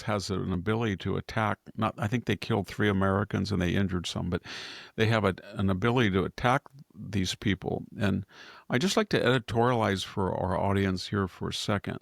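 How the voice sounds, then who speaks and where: Brief: low, gravelly male host, digressive political commentary, dry close mic. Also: dry recording. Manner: digressive, editorializing, chuckles often.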